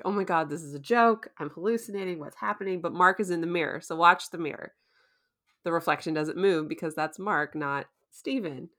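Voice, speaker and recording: Chatty woman with a bright lowish voice, laughs a lot while recapping stuff. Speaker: podcast co-host recapping a TV episode. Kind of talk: casual chat.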